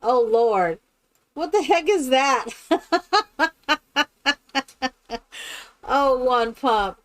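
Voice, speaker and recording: A woman's voice: sits high, lively intonation, slow pace. A woman streaming a game live, chatting casually with viewers in a rambling, exclamatory way. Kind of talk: casual live-stream chat while playing.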